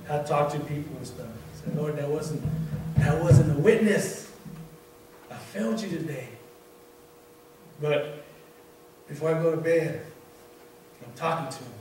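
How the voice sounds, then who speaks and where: A man giving an informal sermon as a church elder, telling a story from work with many halting restarts. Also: on the high side, a little mellow, recorded from a distance. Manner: repetitive, halting restarts, conversational. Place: church sanctuary. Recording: very echoey room, voice off-mic, faint noise.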